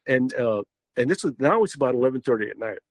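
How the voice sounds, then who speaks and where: A man's voice: mid-range voice, expressive, fast, no room sound, rough recording. Rambling older man telling a story. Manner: rambling, many fillers and restarts. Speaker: podcast guest. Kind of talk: casual storytelling.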